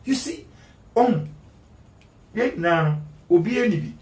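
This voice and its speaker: A man's voice: high voice, animated, slow, a little mellow, echoey room. A Ghanaian man giving an interview as a guest, emphatic and repeating words for stress. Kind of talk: animated interview talk mixing Twi and English.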